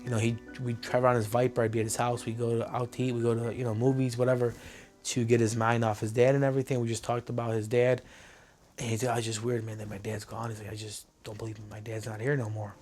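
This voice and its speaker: A man's voice: medium pitch, flat delivery, fast talker, darkish tone, faint music behind. A man telling his own story in a documentary interview, retelling conversations in a loose, filler-laden way.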